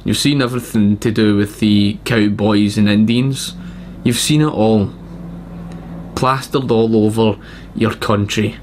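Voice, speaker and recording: Slow, emphatic Scottish man. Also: lowish voice, steady tone, slight background noise. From Scotland. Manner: rambling, emphatic, repeats points. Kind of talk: casual explanatory monologue.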